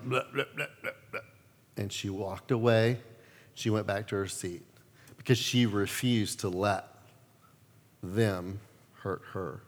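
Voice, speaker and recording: A male pastor preaching a sermon, telling stories with lively acted-out quotes. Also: medium pitch, big-room sound. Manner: animated storytelling, acts out quotes.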